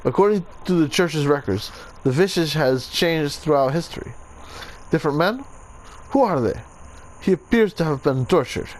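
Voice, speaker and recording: A man's voice: a little high, expressive, normal speed, darkish tone, slight background noise, natural voice, poor audio. A man voicing a solemn male Italian assassin reading his journal, in a put-on Italian accent. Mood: grave.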